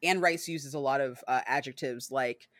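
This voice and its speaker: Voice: moderate pace, no echo, clean studio sound. A podcast co-host in a casual book discussion who talks animatedly, swears freely, and fills sentences with "like" and "right?". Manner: acts out characters with sudden high, loud voices.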